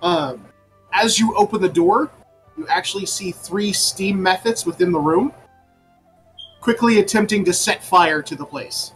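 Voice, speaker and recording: A man narrating as game master of a tabletop game, pausing often with ums and uhs. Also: sits high, fairly bright tone, soft background music, poor audio. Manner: halting, with many ums and uhs.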